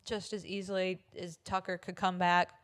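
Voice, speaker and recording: A woman's voice: fairly low pitch, level tone, normal speed. A woman co-hosting a podcast in casual chat, hesitant and chatty, with many fillers and self-corrections. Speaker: podcast co-host.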